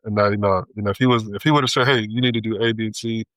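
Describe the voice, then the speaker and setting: A male co-host with a low voice who talks fast in long, rambling stretches. He laughs often. The sound is dry and close. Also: steady tone, a bit bright, no room sound, poor audio. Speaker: podcast co-host. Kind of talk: casual barbershop chat.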